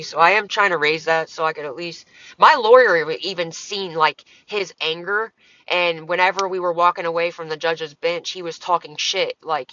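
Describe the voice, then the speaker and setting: Woman ranting on her live, bright edgy voice, cussing a lot, rambling, dry muffled phone audio. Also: low voice, no echo. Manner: profane, exasperated, rambling. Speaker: livestreamer. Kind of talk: casual livestream chat, answering comments.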